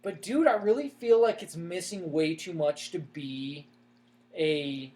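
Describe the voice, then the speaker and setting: A man's voice: a little high, measured pace, darkish tone. Rambling young man chatting on a podcast. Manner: rambling, many fillers and restarts. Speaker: podcast co-host. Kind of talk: casual chat.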